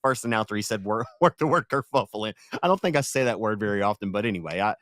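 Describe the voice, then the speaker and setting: A young man hosting a casual racing podcast, talking in a rambling, animated way and often getting sidetracked. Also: on the low side, fast, no echo, studio quality. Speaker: podcast host and race announcer.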